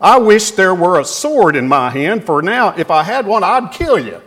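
A man's voice: sits high, sing-song, moderate pace, a bit bright, big-room sound, pitched above the performer's own voice, heavily acted. A man voicing an exasperated, angry prophet threatening his donkey in a Bible retelling.

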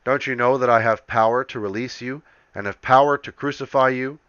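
A man reading the lines of an uneasy, insistent male Roman governor in a measured, questioning way. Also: mid-range voice, steady tone, a bit bright, clear, resonant tone, no room sound, highs cut off, voice pushed up, lightly acted.

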